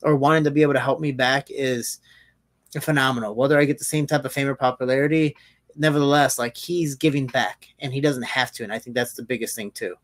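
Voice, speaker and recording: A man, a fighter and podcast host, telling stories in a casual chat, animated and swearing freely. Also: medium pitch, fast talker, no echo. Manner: animated storyteller, swears freely, many restarts.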